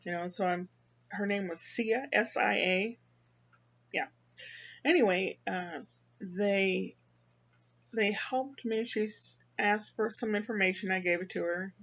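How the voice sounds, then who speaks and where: Older midwest lady rambling about her day, gravelly voice, kinda dull lo-fi sound. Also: medium pitch, a bit bright. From American Midwest. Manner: rambling, halting, with many restarts. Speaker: vlogger. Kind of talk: casual personal monologue.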